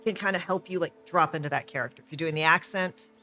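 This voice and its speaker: Speaking quickly in a sharp, slightly high voice, this man co-hosts a casual podcast about tabletop role-play. He rambles enthusiastically and keeps fixing what he says partway through sentences.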